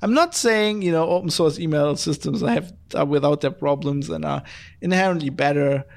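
A man's voice: fairly high pitch, normal speed, creaky. A man hosting a podcast, ranting casually and swearing, with many fillers. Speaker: podcast host. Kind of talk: casual chat.

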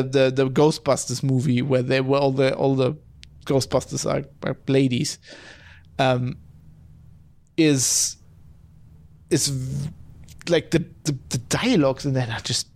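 A man hosting a podcast who reads out chat comments and rants casually, with a rambling, profane manner and many restarts and fillers. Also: on the high side. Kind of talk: casual opinion rant.

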